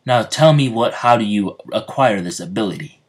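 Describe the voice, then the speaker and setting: A man voicing a boastful German male cyborg soldier, declaring things loudly and proudly. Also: fairly low pitch, expressive, moderate pace, slightly rough.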